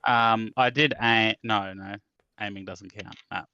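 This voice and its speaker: A man's voice: fairly low pitch, steady tone, measured pace, creaky, sharp tone, clear, resonant tone, no echo, lo-fi sound. A man playing a tabletop game, thinking aloud hesitantly as he rolls dice. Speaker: player. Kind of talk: tabletop game play chat.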